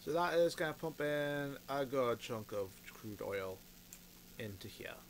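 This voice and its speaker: A let's play host with a mid-range voice, lively intonation, and a measured pace mutters casual commentary as he plays a factory-building game. He swears often and has the hiccups, with slight background noise in the recording.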